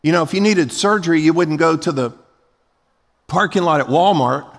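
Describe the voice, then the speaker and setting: A man's voice: a little high, normal speed. A man preaching a sermon as pastor, emphatic and folksy, acting out short everyday scenes. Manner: emphatic, rising to loud peaks. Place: large church sanctuary. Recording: long hall reverb.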